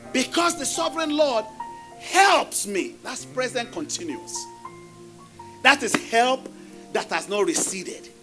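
High-voiced emphatic male pastor preaching slowly. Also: pushed and bright. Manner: emphatic preaching with repeated phrases; rhetorical questions to the congregation. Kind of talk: sermon.

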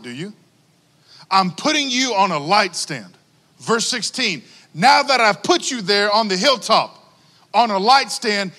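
A man preaching a sermon to a congregation, animated and calling out for responses from the crowd. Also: high voice, big-room sound. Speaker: pastor.

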